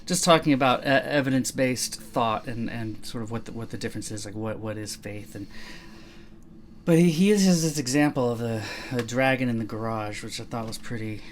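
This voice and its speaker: Casting: adult man, mid-pitched, loose chatty podcast delivery, lots of restarts, faint background noise. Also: fairly quick. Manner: rambling, self-correcting, acts out quoted dialogue. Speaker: podcast co-host. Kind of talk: casual conversational podcast.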